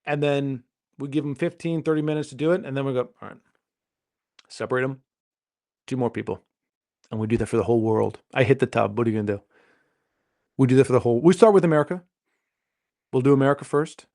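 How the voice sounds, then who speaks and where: A man's voice: medium pitch, expressive, fast talker, darkish tone. A man hosting his own podcast, rambling through a jokey solo monologue and questioning himself as he goes. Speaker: podcast host.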